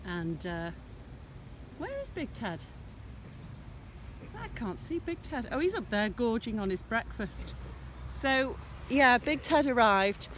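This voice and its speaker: A woman's voice: medium pitch, a little hiss or hum. A woman showing viewers around her smallholding in a casual walking vlog. She chats in a meandering way and dotes on her animals, and she films herself outdoors in a farm field on a handheld camera. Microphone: handheld camera filming herself.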